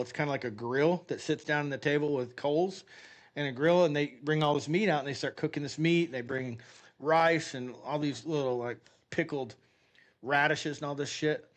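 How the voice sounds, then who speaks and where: A man's voice: on the high side, normal speed. An American man streaming a game, telling a rambling story in casual chat and swearing freely. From United States. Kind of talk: casual gameplay commentary with storytelling.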